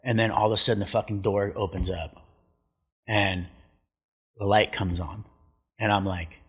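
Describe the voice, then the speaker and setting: A middle-aged professional surfer, guesting on a podcast in a studio, swaps stories in a relaxed, profanity-heavy chat, voicing other people's words. He speaks in a lowish, steady, husky, slightly bright voice at a moderate pace.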